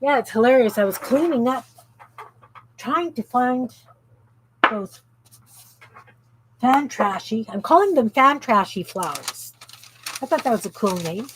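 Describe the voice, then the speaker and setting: A chatty Canadian woman streams her crafting from her home craft room, reading viewer comments out loud as she goes. Her voice is on the high side and lively, a little slow, with frequent pauses. There's slight background noise in a low-quality recording.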